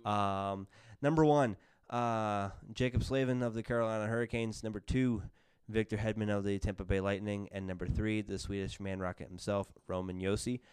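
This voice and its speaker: A man with a lowish, very smooth and clear voice talks through an awards list on a podcast. He rambles and corrects himself often. The sound is dry and close, with no room to it. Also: steady tone, moderate pace, hardly any pauses, no room sound. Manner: rambling, lots of fillers and self-corrections. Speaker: podcast host. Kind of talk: casual sports podcast chat.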